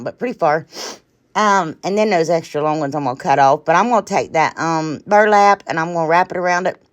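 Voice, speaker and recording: Brief: woman host, low voice, loose rambling craft tutorial talk, keeps saying y'all and sorry. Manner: rambling, chatty, often trails off and apologizes; addresses viewers as y'all. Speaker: DIY crafting channel host. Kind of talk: casual craft tutorial narration.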